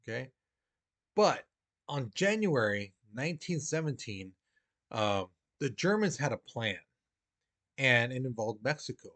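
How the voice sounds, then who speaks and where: A man teaching history in a relaxed, chatty way, his voice sitting at an ordinary middle pitch. He explains as if talking straight to his class and slips into quick acted-out voices for the people he quotes. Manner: casual and conversational, acts out quoted voices. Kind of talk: recorded history lesson.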